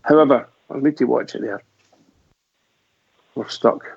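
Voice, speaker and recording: A man's voice: mid-range voice, measured pace, creaky, breathy edge, dry recording. A man co-hosting a fan radio show, hesitant, stumbling and repeating his words. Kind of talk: casual fan radio chat. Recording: dry, dull lo-fi line.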